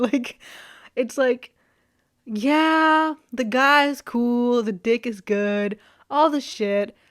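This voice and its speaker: A young woman vlogging in a loose, rambling chat, full of fillers, easy laughs and casual swearing. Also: sits high.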